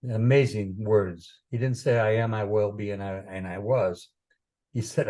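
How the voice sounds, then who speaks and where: A man's voice: on the low side, fairly even intonation, normal speed, dark tone. A man teaching astrology in an informal talk, rambling with many fillers and repeated phrases, sometimes taking on a preaching tone. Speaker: astrologer teaching chart interpretation.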